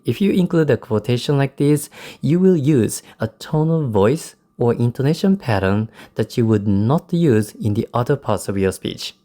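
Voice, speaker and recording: A man's voice: medium pitch, mellow. A man whose first language is Japanese, teaching English speaking in a recorded lesson and explaining how to use varied intonation. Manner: explanatory, demonstrates intonation in quoted examples. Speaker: English test tutor.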